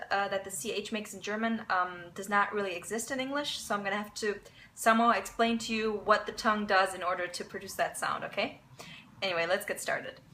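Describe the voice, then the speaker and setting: A woman teaching a casual language lesson, explaining step by step, repeating example words slowly and often checking in with "okay?". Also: mid-range voice, sharp tone, slight background noise, poor audio.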